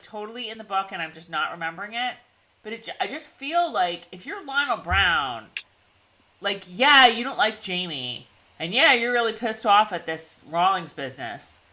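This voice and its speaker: A woman's voice: mid-range voice, bright, forceful tone. A middle-aged woman co-hosting a casual TV recap chat over a video call, rambling with lots of "like" and restarts. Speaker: podcast co-host.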